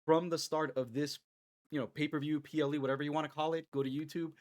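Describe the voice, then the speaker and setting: A man's voice: a little high, steady tone, fast talker. A man co-hosting a casual wrestling podcast, speaking candidly and emphatically. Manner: candid and emphatic, building to loud enthusiasm. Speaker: podcast co-host.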